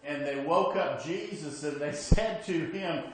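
A man preaching a conversational sermon as pastor, shifting from emphatic to hushed, with frequent restarts. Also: a little high, a little slow, heavy reverb, slight background noise, rough recording.

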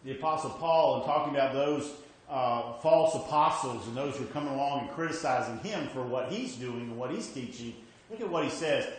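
A man with a medium-pitched voice preaches a sermon at a fairly quick clip, emphatic and repeating his points while often checking in with "okay?" The recording sounds like a very echoey hall with faint ambience.

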